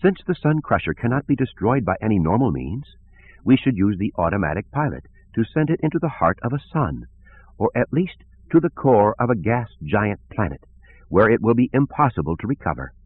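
A man's voice: lowish voice, very animated, fairly quick, slight background noise, pitched above the performer's own voice. A man voicing an earnest woman scientist who speaks in a melodious, pleading way. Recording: tinny phone-like lo-fi audio.

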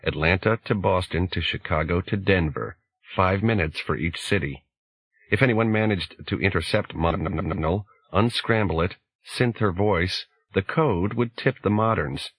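Audiobook narrator: deep, husky male voice, dry close recording, measured delivery. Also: fairly bright tone, dry recording, rough recording. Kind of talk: scripted narration.

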